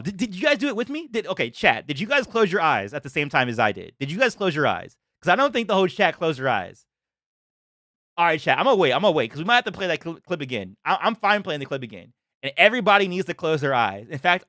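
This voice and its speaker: Young man, live reaction streamer, excitable, laughs a lot, higher-pitched, dry close sound. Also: no room sound. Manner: excitable, exclamatory, laughs often.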